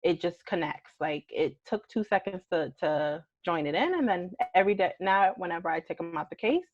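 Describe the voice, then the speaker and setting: A woman's voice: lowish voice, animated, moderate pace, no echo, lo-fi sound. A woman podcast co-host doing a chatty, enthusiastic sponsor read and repeating words as she talks.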